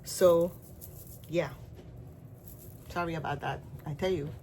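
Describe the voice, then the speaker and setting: A woman with a Caribbean accent and a slightly low voice, talking in a loose, rambling show-and-tell way. She circles back and restarts her sentences often. A faint hiss sits under her voice. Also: steady tone, slow pace, darkish tone. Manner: chatty and rambling, with frequent restarts and asides. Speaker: stitching vlogger. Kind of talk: casual show-and-tell chat.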